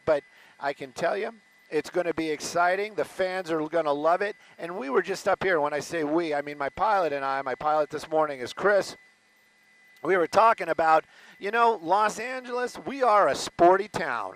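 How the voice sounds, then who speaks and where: A man's voice: on the high side, low-quality recording. Chatty man reporting from a helicopter. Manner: loose, rambling, self-interrupting. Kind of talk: live aerial news commentary. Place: news helicopter over a stadium.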